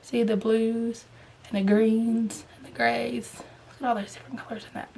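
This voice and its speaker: A woman with a Southern US accent, chatting casually and rambling as she shows off embroidery threads, now and then dropping to a soft murmur. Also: a little high, little pitch movement, normal speed, vocal fry, a little hiss or hum. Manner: rambling, chatty, drifts to hushed murmurs while showing threads. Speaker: cross-stitch vlogger. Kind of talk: casual chat.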